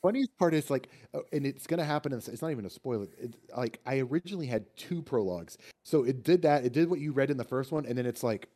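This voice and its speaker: Rambling, mellow-voiced male author. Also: medium pitch, fast, few pauses. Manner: animated, rambling with fillers and restarts. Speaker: author guest. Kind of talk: casual podcast chat.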